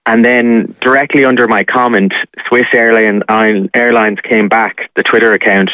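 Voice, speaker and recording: A man's voice: medium pitch, steady tone, normal speed, bright, forceful tone, clear, resonant tone, no echo, rough recording. A man, a journalist calling in to a radio show, telling a personal story in a rambling way with many fillers. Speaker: caller, journalist.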